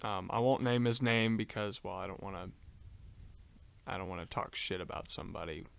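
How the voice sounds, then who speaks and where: A man's voice: low-pitched, normal speed, gravelly, clean tone, no room sound. A man co-hosting a casual podcast, telling a long story with lots of ums and uhs and casual swearing. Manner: rambling, many ums and uhs, swears freely. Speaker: podcast co-host.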